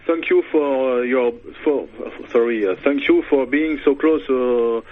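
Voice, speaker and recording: A man calls in to a radio show and speaks hesitantly, stumbling over his words while thanking the host effusively. His mid-pitched voice comes through a tinny phone line. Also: measured pace, a little hiss or hum. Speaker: phone-in caller.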